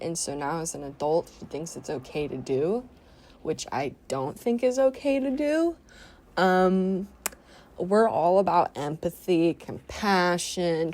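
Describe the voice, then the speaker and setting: A woman's voice: fairly low pitch, mellow. A woman giving casual, indignant commentary full of fillers while she draws for her channel. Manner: chatty, indignant, with frequent fillers. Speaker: art YouTuber.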